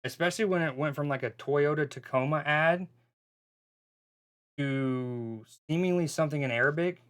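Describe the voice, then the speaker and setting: A man's voice: a little high, moderate pace, clear, resonant tone. A man hosting a live football watchalong stream, talking casually and rambling, often breaking off mid-sentence. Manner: rambling, self-interrupting, bemused.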